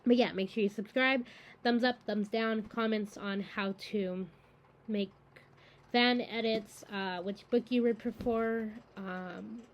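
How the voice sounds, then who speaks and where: A woman's voice: medium pitch, fairly even intonation, takes it slowly, a little hiss or hum, poor audio. A woman hosting a book-reading channel, chatting casually to camera in a rambling, enthusiastic way with lots of fillers.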